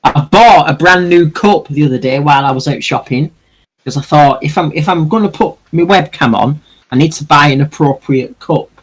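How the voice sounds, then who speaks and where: A man's voice: a little high, normal speed, husky. A British man chatting casually while building models, with teasing, self-mocking banter. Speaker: hobby streamer.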